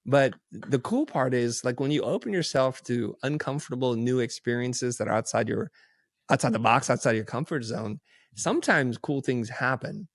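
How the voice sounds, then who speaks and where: A man guesting on a podcast, telling stories in a casual, animated way and acting out quoted dialogue. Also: mid-range voice, moderate pace, no echo, studio quality. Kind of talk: casual storytelling.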